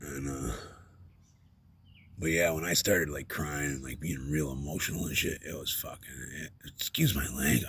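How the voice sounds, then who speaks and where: A man's voice: extremely low pitch, moderate pace, a bit bright, slightly rough. A man talking in a rambling, self-deprecating vlog monologue, often dropping to a whisper, recorded outdoors at night.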